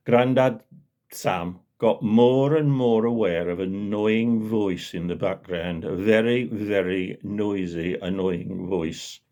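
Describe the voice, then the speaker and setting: An older man with a Black Country accent telling a local yarn in a chatty way, dropping to low asides. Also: takes it slowly, warm tone. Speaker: storyteller. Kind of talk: casual spoken storytelling.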